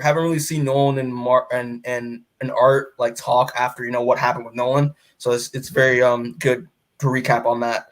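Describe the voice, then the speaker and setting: A man co-hosting a podcast, casually recapping a comic book in a rambling way full of fillers, often acting out the characters' lines. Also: medium pitch. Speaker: podcast co-host.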